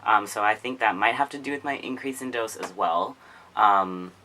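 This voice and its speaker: A man's voice: lowish voice, normal speed, pushed and bright, a little hiss or hum. A young man vlogging about his own experiences in a rambling, casual way, full of "like" and "um". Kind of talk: casual chat.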